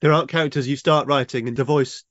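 A man's voice: mid-range voice, steady tone, fast, fairly bright tone, highs cut off. A man hosting a literary podcast, asking inquisitive and lightly teasing questions. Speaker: podcast host and interviewer. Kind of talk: podcast interview.

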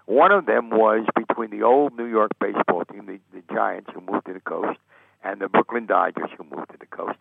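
Older American storyteller on a phone line, gravelly and lowish, acts out his quotes. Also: moderate pace, no room sound. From United States. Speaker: sportswriter guest. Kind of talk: anecdotal storytelling interview.

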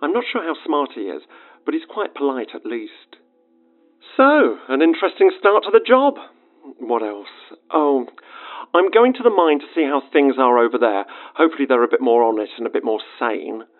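A man's voice: mid-range voice, sing-song, moderate pace. A man delivering a scripted audio-log monologue as a base director, exasperated and rambling, with sarcastic asides. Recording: phone-like narrow sound with faint music.

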